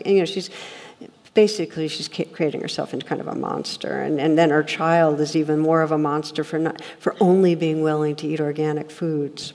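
A woman's voice: deep voice, fairly quick, gravelly, a little mellow. A woman meditation teacher giving a reflective dharma talk, speaking earnestly and telling stories to make her point. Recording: long hall reverb.

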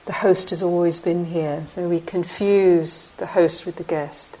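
A woman meditation teacher giving a dharma talk in a slow, reflective way with frequent pauses. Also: on the low side, fairly even intonation, darkish tone, low-quality recording.

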